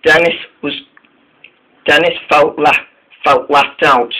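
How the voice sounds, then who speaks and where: Male reader of a children's train story, higher-pitched, slow, halting with restarts. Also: fairly even intonation, bright, forceful tone, rough recording. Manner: halting, many restarts and repeated words. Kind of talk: storybook narration.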